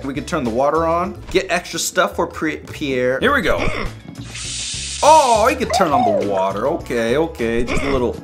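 A young man doing casual gameplay commentary as a YouTuber, excitable and joking, with loud exclamations. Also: mid-range voice.

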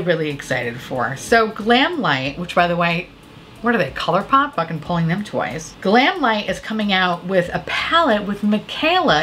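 A woman's voice: on the low side, pushed and bright, slight background noise. A woman vlogger chatting candidly about new makeup, swearing freely and a little tipsy from drinking. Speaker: beauty vlogger reviewing makeup releases. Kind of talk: casual chat.

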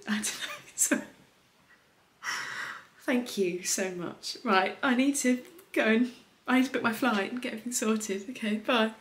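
Chatty young woman vlogging. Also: fairly high pitch. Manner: rambling, excitable, confiding. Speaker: lifestyle vlogger. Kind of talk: chatty vlog narration. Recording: echoey room, faint noise.

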